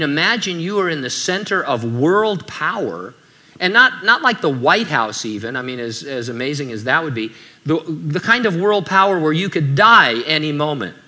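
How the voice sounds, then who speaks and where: Bright-voiced man preaching a sermon. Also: a little high. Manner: conversational, joking asides. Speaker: pastor.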